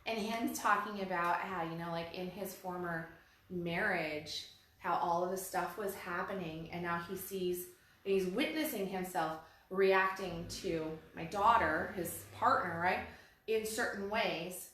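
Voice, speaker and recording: Middle-aged woman, casual relationship talk, animated storyteller, very echoey room, faint background hiss. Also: on the low side, a little slow. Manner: animated storytelling, acting out quoted voices. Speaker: podcast co-host. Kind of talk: casual conversation about relationships.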